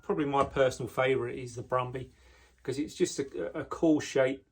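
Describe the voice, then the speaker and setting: A man casually showing the knives he makes, talking in a relaxed way with frequent ums and restarts, indoors in his workshop. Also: medium pitch, normal speed, breathy edge. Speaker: knife maker. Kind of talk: casual product walkthrough.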